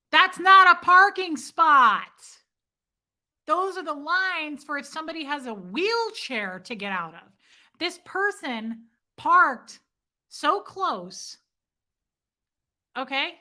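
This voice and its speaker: A middle-aged woman hosting her channel, telling a story to viewers in a loud, self-mocking way, swearing freely and acting out her own yelling. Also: sits high. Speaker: channel host. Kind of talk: casual storytelling chat to viewers.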